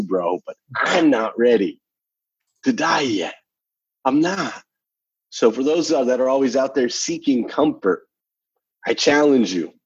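A man's voice: medium pitch, darkish tone, slightly rough, dry recording, lo-fi sound. A man guest telling a personal story in a casual conversation, emphatic and repeating phrases for effect, ending with a motivational challenge. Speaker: podcast guest.

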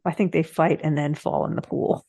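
A woman's voice: low-pitched, steady tone, warm tone, breathy edge, dry recording. A woman co-hosting a podcast, chatting casually about a movie with easy amusement. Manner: chatty, amused, quick to laugh. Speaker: podcast co-host. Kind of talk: casual movie recap chat.

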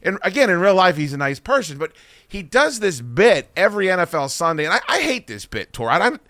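A man hosting a podcast tells stories in a loose, casual way. He curses freely and mocks the people he talks about. His bright, higher voice rises and falls a lot as he gets worked up. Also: very animated, brisk, no echo. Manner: profane, ranting, mocking storyteller. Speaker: podcast host. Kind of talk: casual chat.

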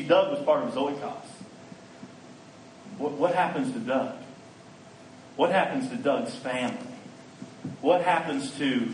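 A man giving a storytelling sermon as a conference speaker, animated and acting out the people in his stories. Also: mid-range voice. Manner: animated storyteller who acts out quoted lines. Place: conference hall. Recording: echoey hall, mic at a distance, faint background noise.

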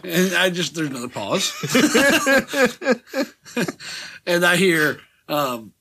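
A man's voice: high-pitched, sing-song, drawn-out words, noisy background. A man co-hosting a casual podcast, telling a work story with lots of laughter and swearing. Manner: laughs often while telling stories, swears freely. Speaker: podcast co-host.

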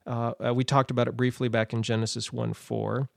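A man's voice: mid-range voice, level tone, a little fast, gravelly, dry recording, clean studio sound. A man giving a Bible teaching, thinking aloud with fillers and restarts.

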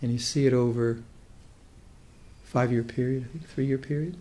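Thinking aloud in a mellow, relaxed voice of medium pitch, an older man teaches meditation at a dharma talk's unhurried pace. He restarts phrases repeatedly before finding his point, thoughtful and halting.

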